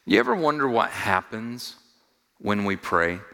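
A male pastor preaching in a big hall with a long ringing reverb. His voice sits fairly low but sounds bright and forceful. He moves from hushed asides to loud, soaring appeals, repeating lines and asking the congregation questions. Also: very animated, measured pace, vocal fry. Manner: builds from quiet, low asides to loud, high-pitched exhortation; repeats phrases for emphasis, asks the congregation questions. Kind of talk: sermon.

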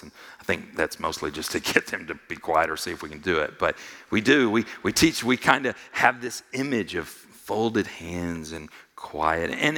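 A male pastor preaching in a big hall with a long ringing reverb. His voice sits fairly low but sounds bright and forceful. He moves from hushed asides to loud, soaring appeals, repeating lines and asking the congregation questions. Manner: builds from quiet, low asides to loud, high-pitched exhortation; repeats phrases for emphasis, asks the congregation questions. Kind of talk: sermon.

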